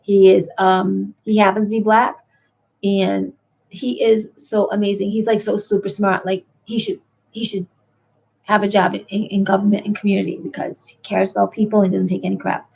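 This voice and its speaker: A woman's voice: mid-range voice, level tone, normal speed, vocal fry, darkish tone, breathy edge. A middle-aged woman hosting a late-night livestream, chatting in a meandering way and answering viewers in the chat. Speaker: livestream host.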